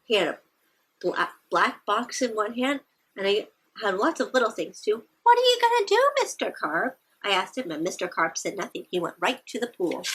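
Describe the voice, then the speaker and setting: A woman reading picture books aloud to young children, animated and encouraging, often asking her listeners questions. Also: medium pitch, breathy edge. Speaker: children's storytime presenter.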